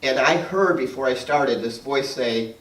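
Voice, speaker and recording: With a medium-pitched, fairly bright voice and a measured pace, the middle-aged painter gives his guest talk. He shares personal anecdotes in a chatty manner, laughs frequently, and acts out others' words. The sound is roomy, picked up by a distant mic.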